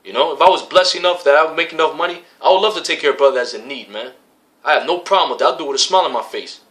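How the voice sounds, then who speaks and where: A man with a bright, forceful voice preaching in loose street talk. He swears freely, quotes scripture and hammers his points home with repeated phrases. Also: fairly high pitch, racing. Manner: profane and slangy, repeats phrases for emphasis. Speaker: religious camp member preaching. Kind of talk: casual street-style preaching.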